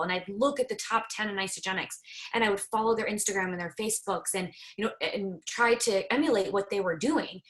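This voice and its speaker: Candid woman telling her story. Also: medium pitch. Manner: candid, animated storytelling with laughs. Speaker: network marketing team leader. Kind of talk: casual team call story.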